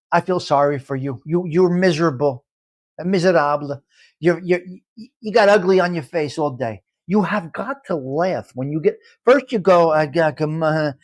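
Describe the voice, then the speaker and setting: An older man hosting a casual live chat, rambling in a brash, profane way. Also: on the high side. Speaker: livestream host.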